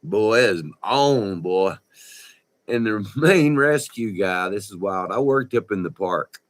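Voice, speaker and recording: A man, telling a rambling, profane story in a folksy, animated way. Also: fairly low pitch, slow. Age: 60s. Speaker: vlogger. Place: indoors by a window.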